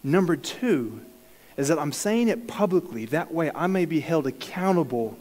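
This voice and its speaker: A fairly high-voiced man tells a personal faith story to a congregation, stumbling over restarts and laughing at himself. His voice rings out with the long reverb of a large church hall. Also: sing-song, normal speed, darkish tone. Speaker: church speaker sharing a testimony. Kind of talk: sermon-style personal story.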